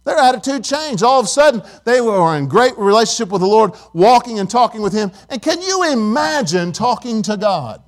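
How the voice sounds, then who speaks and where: A middle-aged pastor delivers a sermon in a high-pitched voice with lively intonation, speaking at normal speed with few pauses. He keeps it conversational, posing questions to his congregation and telling stories.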